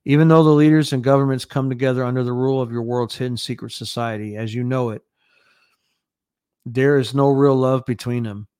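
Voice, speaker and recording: A man reading the lines of a calm, solemn angel who instructs a faithful believer. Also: mid-range voice, brisk, clean tone, no room sound, studio quality, close to an everyday voice.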